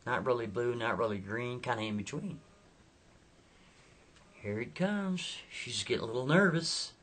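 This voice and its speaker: A man's voice: medium pitch, lively intonation, fairly quick, fairly bright tone. A man telling a story in a folksy, chatty way, often turning aside to the listener. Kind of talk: casual spoken storytelling.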